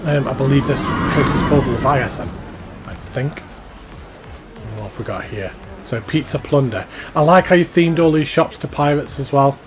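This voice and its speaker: Soft background music plays as a man with a mid-range voice wanders through a fan-made video game theme park at a moderate pace. The YouTuber's commentary is relaxed and excited, meandering as he praises things over and over.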